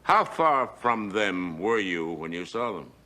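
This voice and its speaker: An actor playing a shrewd district attorney in a 1980s TV crime drama, taunting a suspect and questioning witnesses in court. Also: male voice, deep voice, very animated, a little slow, bright, forceful tone, full character voice. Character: shrewd older male district attorney, blunt. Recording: TV soundtrack with music behind.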